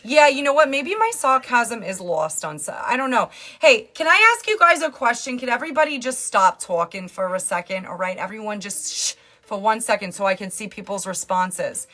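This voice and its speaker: A woman's voice: on the high side, moderate pace. Sarcastic New woman livestreaming. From New York. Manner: sarcastic, teasing, loud and lively. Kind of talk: casual live-stream chat, reading comments.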